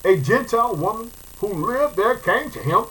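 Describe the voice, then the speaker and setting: Fervent high-voiced bright male preacher. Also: lively intonation, normal speed, low-quality recording. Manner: fervent, repeats phrases, calls listeners family. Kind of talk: sermon reading and preaching.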